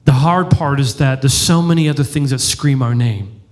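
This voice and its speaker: A man's voice: medium pitch, moderate pace. A middle-aged male pastor giving a conversational sermon and joking with his congregation.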